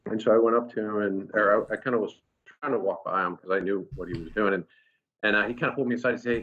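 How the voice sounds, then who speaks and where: A male engineer telling an animated anecdote in a casual recorded talk, with frequent restarts. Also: fairly low pitch, fast. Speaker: engineer at a company experience center. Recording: dull lo-fi sound.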